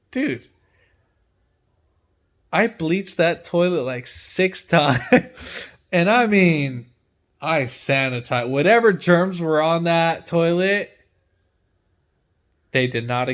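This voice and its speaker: Young man, slightly high voice, casual slang storytelling, animated, laughing, loud and soft swings. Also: takes it slowly, pauses often. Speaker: mechanic and channel host.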